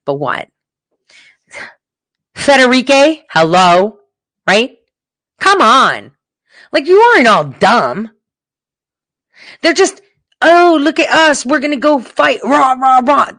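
A woman's voice: medium pitch, fairly bright tone, dry recording. A woman talking straight to her viewers, heated and emphatic, swearing freely as she rants. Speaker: political commentator. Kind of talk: casual profane rant to viewers.

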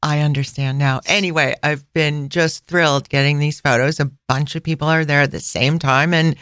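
Podcast co-host: chatty middle-aged woman, mid pitch, close dry sound. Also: fairly even intonation, moderate pace, fairly bright tone, dry recording. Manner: chatty, laughs often. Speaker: podcast co-host and travel planner. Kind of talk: casual travel podcast chat.

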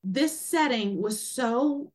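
A woman guest, an author and doula, telling a personal story with animated energy and acting out quoted speech. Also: a little high, slow. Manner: lively, acts out quoted speech in a raised voice.

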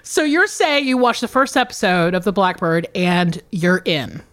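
A woman's voice: fairly low pitch, animated, moderate pace, dry recording, clean studio sound. A woman co-hosting a podcast in casual chat, swearing playfully and often restarting her sentences. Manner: profane, playful, repeats herself. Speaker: podcast co-host.

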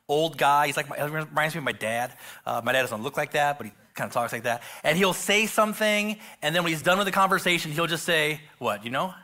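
Bright-voiced joking male pastor. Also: on the high side. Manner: casual, joking, many fillers and restarts. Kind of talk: sermon. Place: church stage.

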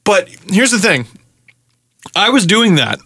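A young man hosting a podcast, telling a story in casual chat, animated and profane, acting out his own rants. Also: sits high, slow pace, slightly rough, no echo, clean studio sound. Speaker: podcast host.

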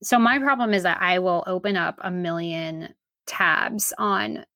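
A woman speaking as a guest on a sports podcast, chatting casually and trailing off into quiet asides. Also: lowish voice, a little slow, dry recording, clean studio sound. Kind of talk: casual conversation.

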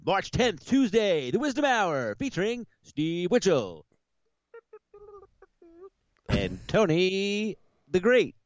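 Man doing a booming radio show announcer. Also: sing-song, no room sound, highs cut off, full character voice. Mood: showy. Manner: drawn-out, booming announcer delivery. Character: grand adult male radio show announcer.

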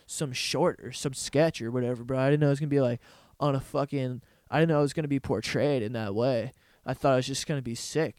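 A young man hosts a casual solo podcast, talking in a profane, sarcastic rant and slipping into mocking impressions of other people. His voice sits a little high for a man. The sound is dry and close, with no room echo. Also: a little mellow. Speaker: podcast host.

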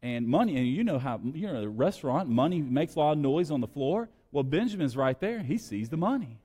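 Man, pastor, sermon, storytelling, emphatic, high voice, long church reverb. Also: very animated, fairly quick, slightly rough. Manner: storytelling, emphatic, swings between loud and quiet. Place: church sanctuary.

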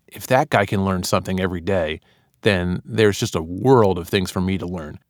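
A man's voice: deep voice, moderate pace, dry recording, clean studio sound. A man, an author and part-time radio analyst, talking casually and loosely about recording his audiobook, with plenty of "you know" fillers.

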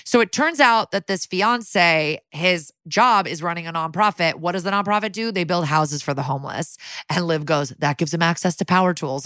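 A woman co-hosting a podcast, casually recapping a TV crime episode and quoting the characters in quick put-on voices. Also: on the low side, fairly bright tone, no echo. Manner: chatty, quotes characters in little voices. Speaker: podcast co-host.

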